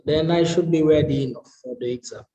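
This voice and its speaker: A man studying to preach, reading his notes aloud and sounding out hard words slowly and carefully, with English not his first language. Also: a little high, dark tone, rough recording. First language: a language other than English. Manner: slow and careful, sounds out and repeats difficult words. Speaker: preaching student.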